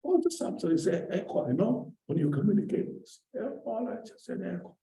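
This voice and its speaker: A man giving a Buddhist dharma teaching in short, halting phrases, often repeating words. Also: high-pitched, big pitch swings, creaky, mellow, roomy sound, rough recording.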